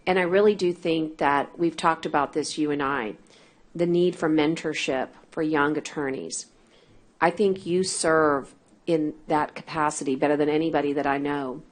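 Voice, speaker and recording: A woman chairing a county court meeting, calling votes and giving a measured tribute. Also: low voice, fairly even intonation. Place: government meeting.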